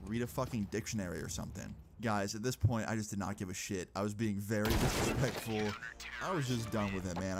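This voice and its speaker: A young man casually telling a personal story, brash and profane, retelling the argument with animated energy. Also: lowish voice, background noise.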